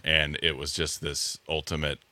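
A man in his forties, a guest on a radio show, talking in a casual, halting way with many restarts, in a studio. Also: extremely low pitch, little pitch movement, bright, forceful tone, no echo. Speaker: radio guest, music venue owner.

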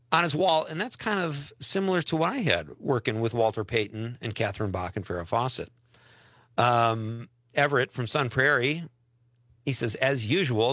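A man's voice: medium pitch, pushed and bright, dry recording, clean studio sound. A man hosting a casual radio talk show, reading listener messages and chatting with his co-host.

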